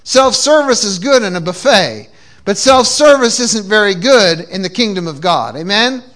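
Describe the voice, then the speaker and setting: A man's voice: sits high, expressive, normal speed, fairly bright tone. A man preaching a sermon with call-and-response cues and frequent repeated restarts, from New England. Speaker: pastor. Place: church.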